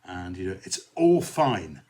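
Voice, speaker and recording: Rambling rector chatting alone to listeners. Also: male voice, low-pitched, sing-song, a little slow, a little mellow. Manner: rambling, chatty, many "uh" and "anyhow" asides. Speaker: rector hosting his own podcast. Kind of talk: casual solo chat and poem recitation.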